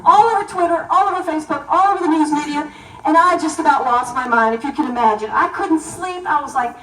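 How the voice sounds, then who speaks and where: Middle-aged woman, keynote speaker, high and emphatic, recorded from across an echoey banquet hall. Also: quick pace, distant mic. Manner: animated, emphatic storytelling. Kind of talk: storytelling speech to an audience.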